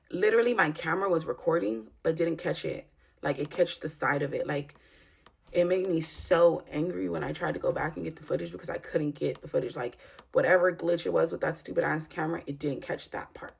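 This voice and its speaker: Gravelly low-voiced woman in her thirties. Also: normal speed. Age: 30s. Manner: raw, profane, emotional retelling with many fillers. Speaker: vlogger. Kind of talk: personal storytime vlog.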